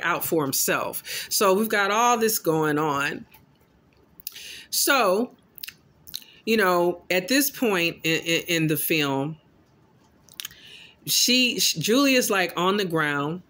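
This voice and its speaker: A man casually recapping a horror film in an animated, loosely paraphrasing storytelling way. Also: high-pitched. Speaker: film commentator.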